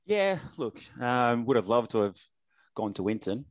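A man's voice: mid-range voice, sing-song, unhurried, no room sound. A man, a sponsorship manager, explaining his job in an upbeat way. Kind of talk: casual interview.

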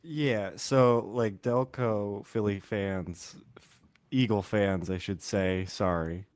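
A man co-hosting a casual sports podcast, delivering dry jokes in a deadpan way. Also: fairly low pitch, slow pace, dry recording. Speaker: podcast co-host.

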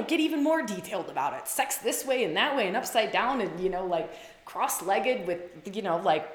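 A woman hosts a casual live stream and talks straight to viewers, gushing and emphatic. She leans on "like" and swears freely, and her voice jumps up whenever she gets excited. The sound is roomy, with a lot of echo around her. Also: a little high. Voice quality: heavy use of "like" and restarts, swears freely. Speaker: livestream host coaching women. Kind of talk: casual live-stream talk, reading out comments.

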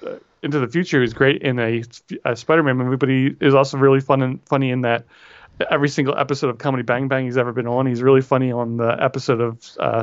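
A man's voice: mid-range voice, no room sound. Wry rambling man, lo-fi dry audio. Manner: rambling, self-correcting, wry. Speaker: podcast co-host. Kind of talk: casual chat. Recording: dull lo-fi audio.

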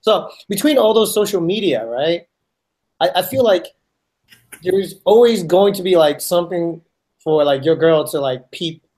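A man's voice: high-pitched, expressive, a little slow, darkish tone. A man co-hosting a podcast, chatting loosely with lots of fillers. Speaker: podcast co-host. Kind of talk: casual chat.

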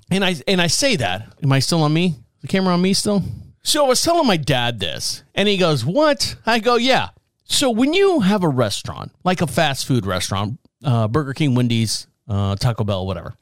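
A man in his forties with a fairly high voice hosts his show in a loose, rambling monologue, cracking jokes and laughing at them. He is recorded close up with a dry sound and no room echo. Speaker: podcast host. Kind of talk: casual talk show monologue.

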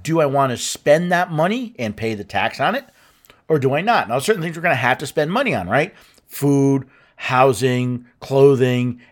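A man with a fairly high-pitched voice hosting a commentary show. He explains things in a conversational, unscripted way, with fillers and the odd restart. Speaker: host.

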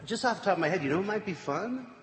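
A scheming young woman coaxes her lover in a high, sweet, wheedling voice, as a man puts her on. Her pitch jumps well above a man's range. It rings out in an echoey hall with long reverb. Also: animated, racing. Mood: coaxing. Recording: echoey hall, faint room noise.

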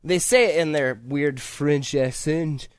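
A podcast host trades crude, casual banter, animated and profane, often slipping into mock voices. His voice is on the high side and slow, with a clear, resonant tone and no room sound.

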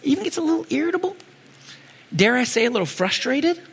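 A man delivers a casual, animated sermon and keeps asking rhetorical questions. His voice is high and bright and swings widely in pitch. Long hall reverb trails every line. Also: quick pace, gravelly. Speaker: preacher.

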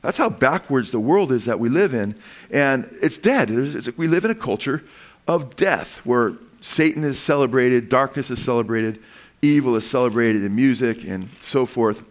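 Animated male preacher with restarts. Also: mid-range voice, moderate pace. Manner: animated and conversational, with frequent restarts and rising emphasis. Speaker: pastor. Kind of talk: sermon.

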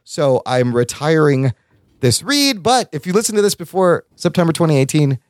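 A man hosting a podcast in casual chat, excitable and quick to laugh as he reads listener mail. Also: a little high, dry recording, studio quality. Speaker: podcast host.

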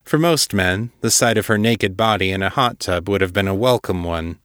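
A man narrating a fiction story in a steady, measured audiobook style. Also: on the low side, no room sound, clean studio sound.

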